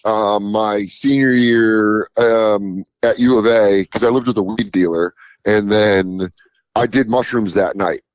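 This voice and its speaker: A man's voice: lowish voice, steady tone, takes it slowly. A man from Colorado, a guest comedian in casual podcast chat, rambling through stories, acting out voices and swearing freely. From Aurora, Colorado, USA.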